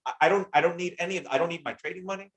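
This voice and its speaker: An energetic man with a fairly high voice runs a live trading lesson and answers chat questions as they come in. He talks in a slangy, hyped-up way and shouts out viewers by name. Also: very fast. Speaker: trading teacher hosting a live stream. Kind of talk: live-stream Q&A reading chat comments.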